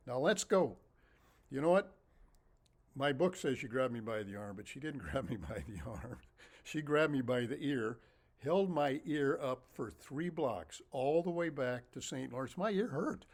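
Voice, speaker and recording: A man telling a story from his own childhood in a casual way, lively and animated, often laughing as he talks. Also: medium pitch, measured pace. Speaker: storyteller and author.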